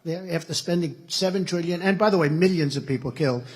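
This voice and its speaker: An American man in his seventies delivers a political keynote, rambling through stories packed with repeated superlatives. His voice is on the high side, fast and husky.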